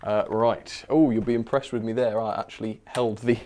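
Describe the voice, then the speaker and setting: A man's voice: on the low side, fairly even intonation, normal speed, warm tone. Chatty man hosting a livestream. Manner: chatty, reads viewer comments aloud, frequent fillers and laughs. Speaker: livestream host. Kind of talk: casual live chat.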